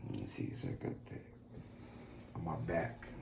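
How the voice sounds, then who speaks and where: A man's voice: normal speed, background noise. A man in his thirties from Phoenix, telling stories in a loose, profane way with lots of fillers, on an outdoor balcony. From Phoenix, Arizona. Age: 30s. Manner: laid-back, profane, rambling with many fillers. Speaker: interview guest. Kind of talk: casual storytelling.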